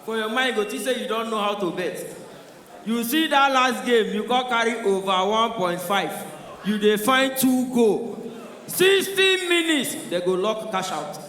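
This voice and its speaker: A man's voice: high voice, animated, a little slow, fairly bright tone. A man with a Nigerian accent doing a stand-up comedy routine, telling stories in Pidgin and acting out the characters. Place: live comedy show venue. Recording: echoey hall from far off.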